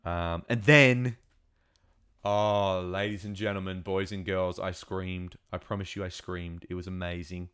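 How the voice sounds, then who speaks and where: Excitable rambling man with a low voice. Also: unhurried, smooth, dry recording, clean studio sound. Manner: excitable, rambling, many fillers and restarts. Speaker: show reviewer. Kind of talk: casual episode recap.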